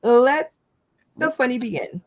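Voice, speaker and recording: Slow, bubbly game show host. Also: sits high, expressive. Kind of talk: casual hosting. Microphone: video call.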